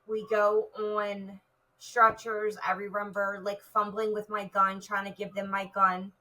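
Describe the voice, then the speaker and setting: A woman's voice: medium pitch, completely flat delivery, a little slow, bright, forceful tone, distant mic, low-quality recording. A woman, a retired police officer, recounting a personal story in an interview, vividly and with many "like" fillers.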